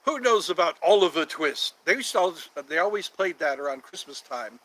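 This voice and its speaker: A man's voice: a little high, expressive, fairly quick, a bit bright, no echo, poor audio. A man hosting a casual livestream, chatting with viewers in a playful, jokey, teasing way. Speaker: livestream host.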